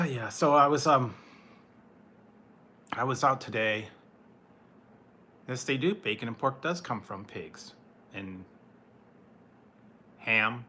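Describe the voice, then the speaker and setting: Male food-review streamer who talks slowly and brightly, easygoing and giggly with his viewers. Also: medium pitch, expressive, slight background noise. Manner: chatty, laughs often, greets viewers by name. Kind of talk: casual live chat with viewers.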